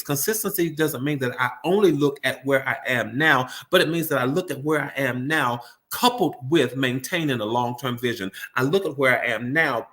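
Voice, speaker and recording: A man's voice: mid-range voice, a bit bright. A man giving a live-streamed motivational talk, often repeating words as he restarts and calling his audience "you all.".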